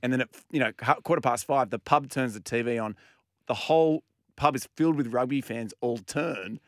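A man's voice: mid-range voice, fairly quick, no room sound, studio quality. Chatty man telling pub stories. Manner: chatty storyteller, laughs often. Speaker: radio co-host. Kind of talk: casual radio banter.

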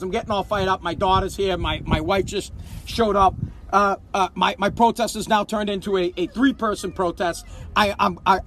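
A middle-aged man with a strikingly high voice vents his anger outdoors, piling up repeated complaints with heated emphasis. He talks into a handheld phone, and faint street and traffic noise sits behind him. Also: fairly bright tone. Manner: heated, repetitive, emphatic ranting. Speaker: vlogger protesting outside a store. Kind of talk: angry ranting vlog. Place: outdoors outside a store.

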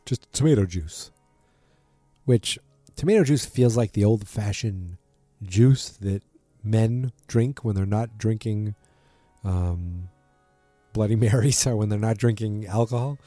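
A man with a low, mellow voice chats casually through a TV episode recap. He rambles, restarts often and fills pauses with ums, slipping into the characters' lines as he retells scenes. The sound is close and dry, with faint music. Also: dry recording. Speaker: podcast host recapping a TV episode.

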